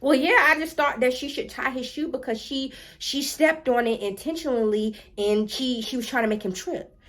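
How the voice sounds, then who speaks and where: A woman's voice: high voice, moderate pace, a bit bright. A woman voicing a defensive schoolteacher in a storytime retelling, hesitant and full of ums.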